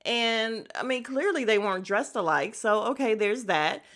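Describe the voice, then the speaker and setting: Blunt, gossipy woman podcaster, higher voice. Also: animated, moderate pace, fairly bright tone. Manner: candid, gossipy and blunt, with frequent profanity; drifts into tangents and self-aware asides to listeners. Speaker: podcast host recapping a reality show. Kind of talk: casual recap chat.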